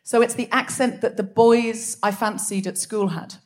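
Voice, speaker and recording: High-voiced woman hosting a live comedy show. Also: steady tone, moderate pace. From Australia. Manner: playful, teasing, chatty with the crowd. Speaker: host. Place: theatre stage before a live audience. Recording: noisy live theatre recording.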